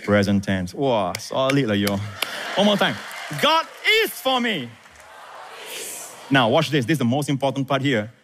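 Male pastor, emphatic call-and-response preaching, lively delivery, echoing hall. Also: medium pitch, fairly quick, slight background noise. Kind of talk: sermon. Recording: reverberant hall.

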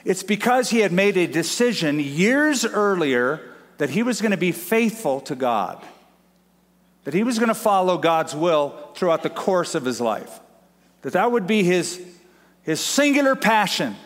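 A male pastor delivers an emphatic sermon in a fairly high voice, pausing for effect and repeating key lines. His words ring out with a long reverb, as if filling a large sanctuary. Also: very animated. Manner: emphatic preaching with dramatic pauses and repetition.

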